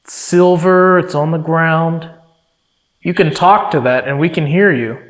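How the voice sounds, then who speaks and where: A man's voice: a little high, unhurried. A male paranormal investigator indoors at night, repeatedly urging an unseen spirit to act. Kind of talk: ghost-hunting vlog.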